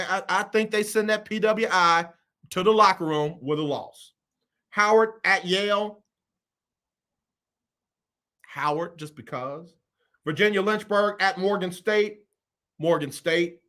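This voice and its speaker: Bright, animated man picking games. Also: high-pitched. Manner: animated, repeats phrases, Southern US Black vernacular. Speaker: sports show host. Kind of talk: casual sports talk show picks.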